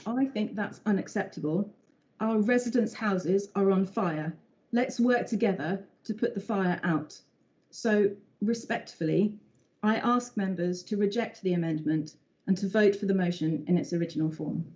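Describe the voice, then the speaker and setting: A woman's voice: medium pitch, darkish tone. Earnest woman addressing a council. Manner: measured, earnest, persuasive. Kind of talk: formal council debate speech. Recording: dull lo-fi sound.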